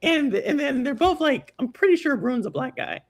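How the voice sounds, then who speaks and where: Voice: high-pitched, animated, moderate pace. A co-host in a casual livestream chat who rambles with many restarts and laughs easily.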